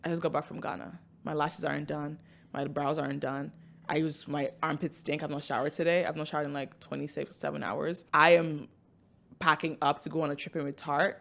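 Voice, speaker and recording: Give me a loud, bubbly woman in her twenties hosting a podcast, with a low voice. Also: gravelly. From Nigeria. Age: 20s. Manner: loud, excitable, laughing often. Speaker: podcast host. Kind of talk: casual podcast chat.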